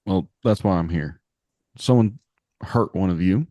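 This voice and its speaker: A low-voiced man playing a tabletop game, easygoing and folksy. The sound is close and dry. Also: unhurried, mellow, no echo. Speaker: player. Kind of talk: tabletop role-play.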